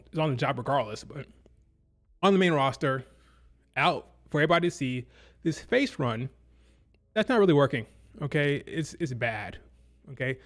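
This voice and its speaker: A man giving casual, opinionated commentary on wrestling, blunt and exasperated. His voice sits slightly high, and he stumbles over and repeats his words as he talks. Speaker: wrestling show reviewer.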